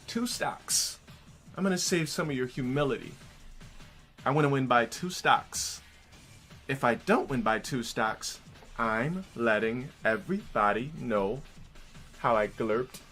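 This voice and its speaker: Casting: man doing a gloating male blackmailer, slow taunts, scheming. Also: mid-range voice, bright, forceful tone. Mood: smug taunting. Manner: slow, taunting, with mocking laughs.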